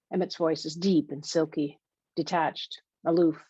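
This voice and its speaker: A woman's voice: fairly low pitch, lively intonation, normal speed, darkish tone, breathy edge, no echo. A woman narrating a first-person novel in a confessional, wry way, in a muffled lo-fi recording. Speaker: audiobook narrator. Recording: dull, dry lo-fi recording.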